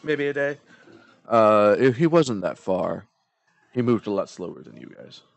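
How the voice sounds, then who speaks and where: A man's voice: fairly low pitch, lively intonation, unhurried, creaky, dry recording. A young man narrating a tabletop game as game master, explaining loosely with fillers and restarts.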